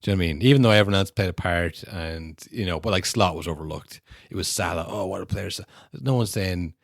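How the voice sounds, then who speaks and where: A man co-hosting a podcast, talking football casually and animatedly, acting out fans' back-and-forth in quick asides. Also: deep voice, no echo, clean studio sound. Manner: animated, mimics fans and rivals in quoted asides. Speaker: podcast co-host.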